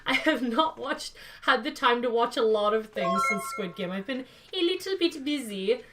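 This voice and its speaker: A woman's voice: on the high side, lively intonation, normal speed, a bit bright, a little hiss or hum. A woman, chatting playfully as a streamer, laughing often and talking to her cat and her chat. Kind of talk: casual gaming stream chat.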